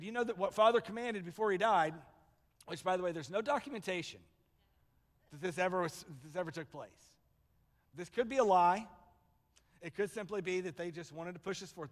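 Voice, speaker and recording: A male pastor preaching a sermon, telling stories with animation and acting out the voices of the people in them. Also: high voice. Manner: animated storytelling, acts out voices. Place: church sanctuary. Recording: long hall reverb.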